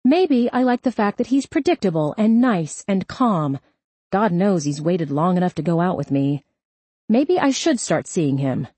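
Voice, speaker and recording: A woman's voice: on the low side, expressive, moderate pace, warm tone, breathy edge, no room sound. A woman reading an audiobook, voicing a guarded young adult daughter who talks back to her mother petulantly. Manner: petulant, defensive.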